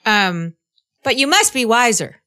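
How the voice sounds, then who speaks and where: A woman in her fifties hosting a podcast in casual conversation, earnest and halting, acting out little quotes as she talks. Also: fairly high pitch, very animated, pushed and bright, clean tone. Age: 50s. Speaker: podcast host.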